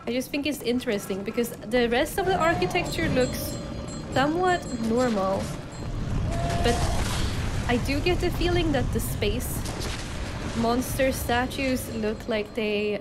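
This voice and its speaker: A fairly high-voiced woman talks through a live game stream in a loose, chatty way, laughing at her own blunders and answering her chat. Game music plays clearly underneath her voice. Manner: chatty, self-deprecating, talks to chat while playing. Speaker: streamer playing a video game. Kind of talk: casual live-stream commentary.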